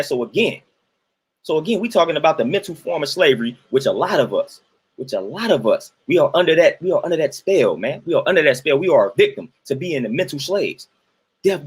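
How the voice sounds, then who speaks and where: Man, slightly high and husky, emphatic preachy livestream host. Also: a bit bright. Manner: repetitive, emphatic, sermon-like cadence.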